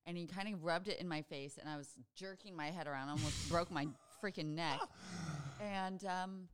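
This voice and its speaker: A woman's voice: fairly low pitch, smooth. A woman co-hosting a casual chat, reacting expressively and telling her own story. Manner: reactive, expressive, quick to exclaim. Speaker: podcast co-host.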